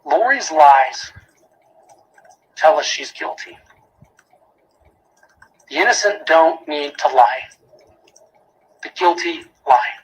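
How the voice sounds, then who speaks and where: A man with a husky, slightly higher-pitched voice gives a prosecutor's closing argument to a courtroom jury, emphatically hammering repeated phrases and pointed rhetorical questions. He is animated yet slow, leaving long pauses, and the recording quality is low.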